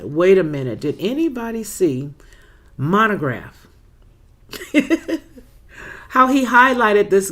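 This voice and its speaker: A chatty woman hosts a laid-back livestream, reading out viewer comments one by one. Her greetings swoop up with animated warmth, and she calls viewers girl, baby and boo-boo. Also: low voice. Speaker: livestream host.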